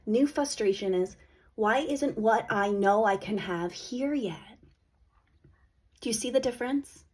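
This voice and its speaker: A woman's voice: on the high side, darkish tone. A woman hosting a podcast, giving a blunt, emphatic motivational monologue and swearing freely. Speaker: podcast host.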